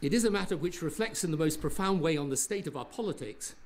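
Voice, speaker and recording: A man delivering a formal political speech in a measured, deliberate way. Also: on the high side, animated.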